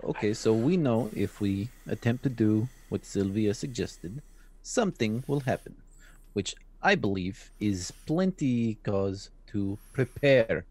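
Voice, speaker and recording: Slow, lively-pitched deliberate player. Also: male voice, dry recording. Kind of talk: casual tabletop game talk.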